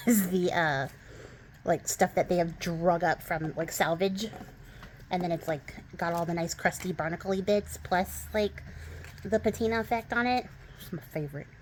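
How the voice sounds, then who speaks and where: Crafty lady w a soft twang, lower voice, rambles n laughs a lot, bit of hiss behind. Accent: mild Texas twang over a West Coast accent. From western United States. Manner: chatty, rambling, laughs often, many fillers. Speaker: crafting channel host. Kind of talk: casual crafting chat.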